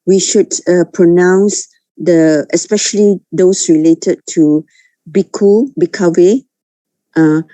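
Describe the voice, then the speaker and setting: A woman's voice: lowish voice, slow, mellow, dry recording. A woman student asking her teacher a question in class, hesitant and restarting her sentences often.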